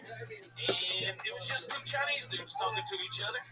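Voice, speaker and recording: A high-pitched man with a Southern drawl delivers a deadpan stand-up set. He sounds set back from the mic, and loud music plays behind him. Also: fairly quick, far from the mic, low-quality recording. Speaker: stand-up comedian. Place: comedy club stage.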